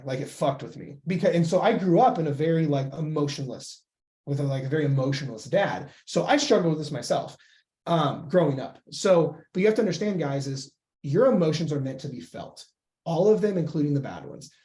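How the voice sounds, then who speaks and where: A man coaching on weight loss in a casual, blunt and profane way, with lively acted-out inner voices. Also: a little high.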